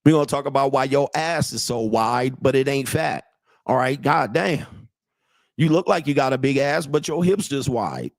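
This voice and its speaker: A man's voice: mid-range voice, normal speed, gravelly, no echo. Crude, blunt man in his late forties. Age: 40s. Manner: crude, blunt, mocking, laughs at his own jokes. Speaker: host and dating coach. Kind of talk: livestream commentary reading chat.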